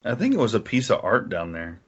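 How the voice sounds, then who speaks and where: A man's voice: on the low side, huge pitch swings, brisk, slightly rough, dull audio. A man co-hosting a podcast, chatting casually about a movie with joking asides.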